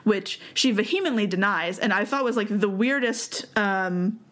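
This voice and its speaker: A woman's voice: medium pitch, expressive, moderate pace, fairly bright tone. A young woman hosting a casual chat, telling a story with many fillers and frequent laughs. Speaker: podcast host telling the story.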